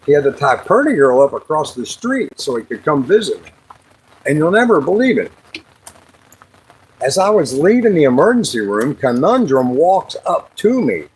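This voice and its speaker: Lively joking man chatting outdoors. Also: moderate pace, husky, poor audio. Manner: rambling, joking, breaks into high sing-song bits. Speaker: livestream host. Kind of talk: casual livestream chat. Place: outdoors by the water, fishing.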